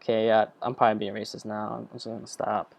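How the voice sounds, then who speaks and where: A young man giving a rambling, joking software tutorial as a student tutor, full of chatty asides. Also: on the low side, monotone, fast talker, vocal fry, no room sound. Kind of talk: screen-recorded software tutorial.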